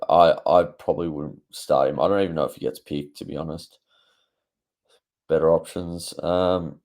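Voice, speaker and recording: A young man talks to his viewers in a very deep voice with plenty of vocal fry. His delivery is casual and offhand, with frequent fillers. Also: dark tone. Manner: chatty, offhand, many fillers. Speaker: fantasy football YouTuber. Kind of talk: casual talk to camera.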